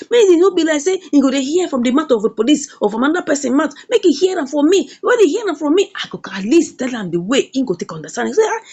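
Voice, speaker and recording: A woman with a Nigerian accent, casually recapping a story and acting out the characters' lines in an animated way. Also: high-pitched. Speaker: film reviewer.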